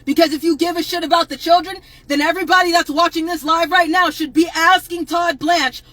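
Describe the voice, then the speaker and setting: Furious high-voiced woman ranting live. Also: steady tone, fairly quick, hardly any pauses, dry recording, low-quality recording. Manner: angry, profane, repeatedly shouting at viewers. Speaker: advocate on a livestream. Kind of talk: impassioned livestream rant.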